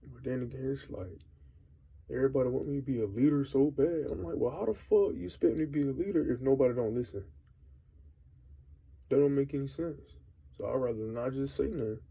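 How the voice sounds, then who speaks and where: A man's voice: mid-range voice, a little fast, gravelly, warm tone, breathy edge, low-quality recording. A young man venting in a casual, rambling monologue, frustrated and full of slang and swearing.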